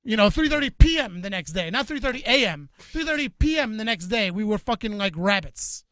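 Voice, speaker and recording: Rambling profane man with a high, bright voice. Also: brisk, no echo, clean studio sound. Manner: rambling, animated, profane, stumbles over words. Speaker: podcast co-host. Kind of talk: casual storytelling chat. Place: home studio. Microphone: studio microphone.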